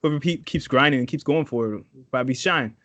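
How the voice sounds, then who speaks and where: A man from Trinidad co-hosting a casual podcast, animated and profane, acting out quotes. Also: medium pitch, fast, dry recording, highs cut off. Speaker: podcast co-host. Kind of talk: casual chat.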